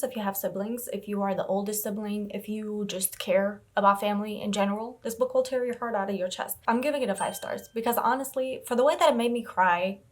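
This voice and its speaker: A young woman vlogging about her reading, talking casually and emotionally, exclaiming and gushing, a bit teary. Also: mid-range voice. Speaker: book vlogger. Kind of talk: casual reading vlog chat.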